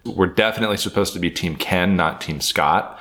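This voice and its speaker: Man, very low voice, podcast co-host, casual, curious, relaxed. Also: a little fast. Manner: relaxed, asks questions, drops into mumbled asides. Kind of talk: casual chat.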